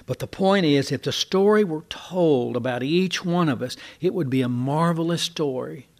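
A man's voice: fairly high pitch, moderate pace, a little mellow. An older man preaching a sermon in a folksy, digressive way, with asides and restarts.

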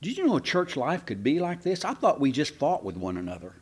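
Pastor guy preaching, folksy and lively, jokes around with the church. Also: a little high, a little fast, slightly rough. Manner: folksy, animated preaching with sarcastic asides. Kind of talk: sermon.

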